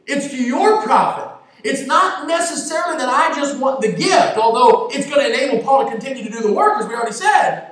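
A man, a pastor, preaching a sermon and slowing down to stress key scripture phrases. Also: very high-pitched. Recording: very echoey, distant mic.

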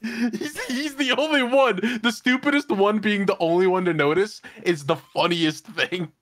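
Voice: medium pitch, measured pace, fairly bright tone. A podcast co-host riffing on scenes in a casual, jokey way. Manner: jokey, riffs on scenes in silly voices. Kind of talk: casual recap chat.

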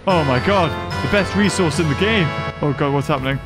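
Excitable, high-voiced gamer. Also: male voice, a little fast, music in the background. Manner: excitable and sarcastic, with frequent exclamations. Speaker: gaming YouTuber. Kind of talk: let's-play commentary.

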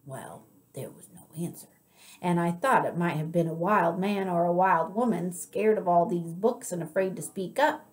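A woman reading aloud, voicing an old woman librarian who tells a slow, wistful story with dramatic swells. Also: lowish voice, darkish tone, close to an everyday voice. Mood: storytelling.

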